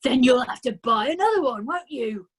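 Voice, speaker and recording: A woman's voice: high-pitched, expressive, normal speed, slightly rough, pitched above the performer's own voice. A woman voicing a spiteful, taunting father in a storybook reading. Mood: sneering. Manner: sneering, taunting. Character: spiteful bullying father, a grown man.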